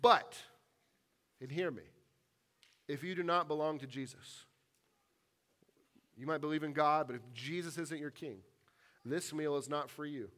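Earnest high-voiced pastor preaching. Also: male voice. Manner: earnest, slows down for emphasis and drops to a hush on key lines. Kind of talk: sermon and closing prayer. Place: church sanctuary.

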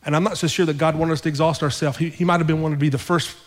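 A male pastor telling a story in his sermon, conversational and animated, repeating his phrases for effect. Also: fairly high pitch, rapid-fire, in a large hall. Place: church sanctuary.

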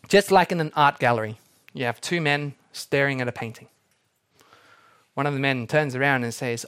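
A man's voice: mid-range voice, moderate pace, fairly bright tone, clear, resonant tone. A young adult man preaching a sermon, telling the story with energy and acting out the characters he quotes. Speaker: pastor.

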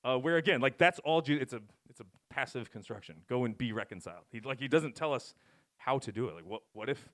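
A man preaching a casual, conversational sermon, rambling and self-interrupting with wry asides and animated swings. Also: medium pitch, fast. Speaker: pastor.

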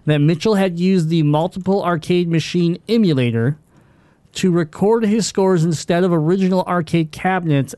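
A man's voice: a little high, mellow, smooth, no echo. A man hosting a gaming podcast, reading out news with fillers and joking with his co-host. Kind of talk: casual gaming news chat.

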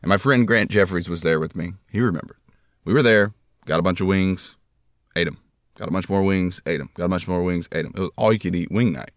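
A man's voice: deep voice, brisk, dry recording, clean studio sound. A man hosting a podcast, telling rambling, self-deprecating stories in casual chat. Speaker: podcast host.

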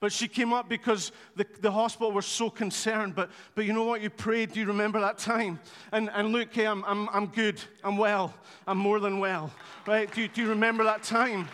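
A man preaching a sermon, telling stories in an animated, conversational way with touches of humour. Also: sits high, normal speed, hardly any pauses. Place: church hall. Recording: long hall reverb.

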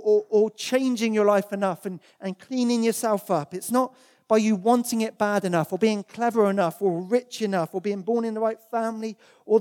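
With a mellow, somewhat dark voice at medium pitch, a preacher gives a sermon in church. Bible verses are read aloud, and he repeats words earnestly and emphatically to underline every point.

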